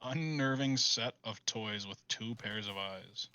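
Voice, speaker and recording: A young man chatting casually on a gaming stream, animated and laughing often. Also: fairly low pitch, slow pace, dry recording, highs cut off. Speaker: streamer co-host.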